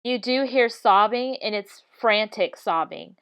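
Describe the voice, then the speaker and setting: A woman's voice: on the high side, a little slow, fairly bright tone, smooth. A woman giving casual commentary over video clips, talking insistently, repeating her points and restarting mid-sentence. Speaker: video analysis vlogger.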